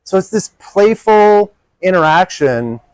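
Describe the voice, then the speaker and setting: A man giving a live workshop talk to a group. He speaks animatedly and acts out his inner child in a higher voice. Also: expressive, slow, clear, resonant tone, no room sound, low-quality recording.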